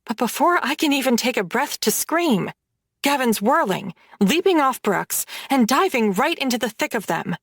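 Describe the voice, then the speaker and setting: A woman reading a dark romance audiobook in first person, with dramatic storytelling. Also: high-pitched, lively intonation, normal speed, breathy edge, no echo, clean studio sound. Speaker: audiobook narrator.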